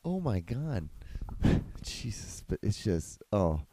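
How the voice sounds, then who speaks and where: Brief: casual, foul-mouthed solo podcast host, dark and gravelly. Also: male voice, fairly low pitch, very animated, slow pace, a little hiss or hum. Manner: profane, ranting, casual.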